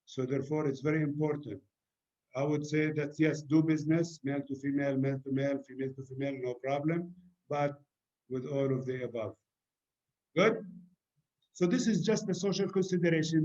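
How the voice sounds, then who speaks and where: A man's voice: fairly high pitch, brisk, warm tone. Chatty Emirati man, dull lo-fi sound. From United Arab Emirates. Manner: chatty and direct, with many fillers and asides. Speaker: cultural etiquette speaker. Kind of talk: informal talk to an audience.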